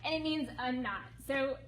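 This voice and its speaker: A woman presenting a ministry project to an audience, lively and emotional, prompting listeners to respond. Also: fairly high pitch, slight background noise, rough recording. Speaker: ministry speaker presenting a women's home. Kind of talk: talk to a seated audience with slides. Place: meeting room with tables.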